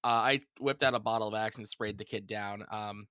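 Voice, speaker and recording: Rambling, bright-voiced storyteller man. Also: lowish voice, steady tone, fairly quick, smooth, dry recording. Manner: rambling, self-deprecating storyteller with many fillers. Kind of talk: casual anecdote telling.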